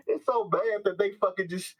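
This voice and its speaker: A man's voice: high-pitched, moderate pace, fairly bright tone, low-quality recording. A man co-hosting a podcast, joking loosely and reading a crude novel aloud for laughs. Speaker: podcast co-host. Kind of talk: comedic dramatic reading.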